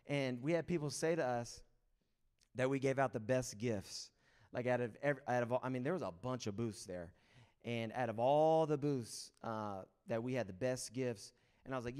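A male pastor preaching to his congregation in an easygoing, conversational way. He tells stories and jumps into other people's voices when he quotes them. His voice sits at an ordinary middle pitch. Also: a little fast, smooth. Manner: casual storytelling with excited acted-out quotes. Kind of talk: sermon. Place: church sanctuary.

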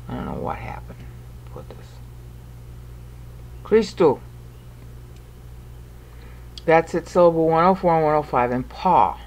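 A woman with a lowish voice walks through a Bible passage at a very unhurried pace. She explains patiently and counts out syllables one by one. She often breaks off mid-sentence and starts again. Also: a little mellow. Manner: self-interrupting, with small restarts and asides. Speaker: Bible commentator. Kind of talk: screen-recorded Bible study lesson.

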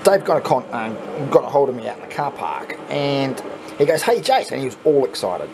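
An Australian man hosting a coin pusher channel, chatting casually and swearing when excited as he plays. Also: medium pitch, a little fast, gravelly, background noise. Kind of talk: casual commentary while playing. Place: arcade coin pusher machine.

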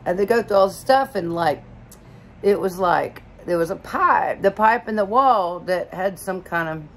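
A middle-aged woman from Alabama with a fairly low voice tells a story in a loose, rambling way, full of fillers and quick laughs. Faint background noise sits under her voice. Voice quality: lively, rambling, lots of "like" and laughs. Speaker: vlogger. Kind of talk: casual storytelling.

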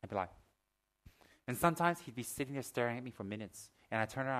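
Fast-talking man giving a Dharma talk. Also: mid-range voice. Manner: lively storyteller, acts out gasps and shouts; frank, joking asides. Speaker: Buddhist teacher. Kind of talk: Dharma talk with personal stories.

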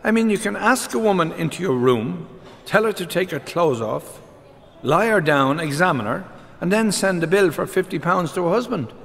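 An Irish male comedian delivering stand-up jokes in a brisk storytelling patter, his voice sitting a little high. It echoes with a long reverb, as if from a hall, with a faint hiss behind it. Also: expressive, gravelly. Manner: brisk storytelling with many "he says". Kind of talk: stand-up joke telling.

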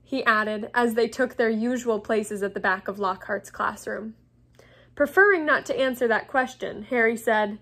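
A woman, a teacher, reading a novel aloud to her class in a lively, expressive way. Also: a little high, normal speed.

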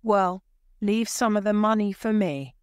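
A woman's voice: medium pitch, measured pace, a little mellow, clean tone, no room sound, clean studio sound, voice pushed up, natural voice. A woman voicing a cheerful young man in a storybook reading for learners, with a plain, careful reading voice.

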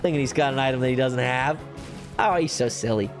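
A man hosting a gaming channel, giving live gameplay commentary at home with a cat on his lap. He is hyper and excitable, jumps from squeals to low mutters, and teases himself playfully as he plays. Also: brisk, over music. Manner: playful self-teasing chatter.

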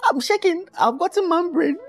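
Here is a woman acting out a vain, excitable male singer, talking in a high voice. He whines and repeats himself in a comic skit. Faint music plays underneath. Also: moderate pace. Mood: distraught, whiny. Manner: dramatic, whiny, repeats himself. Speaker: comedy skit actor.

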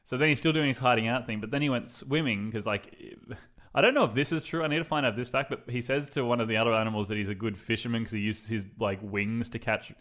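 A man's voice: medium pitch, fast talker, fairly bright tone. A young Australian man chatting on a podcast, retelling a story loosely with lots of "like" and playful asides. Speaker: podcast co-host. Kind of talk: casual podcast chat.

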